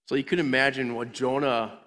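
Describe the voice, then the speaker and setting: With a medium-pitched, steady, fairly bright voice, a man moves fairly quickly through a playful Bible lesson for kids. He's a children's minister who voices the characters in little impressions, and the sound has a long hall reverb.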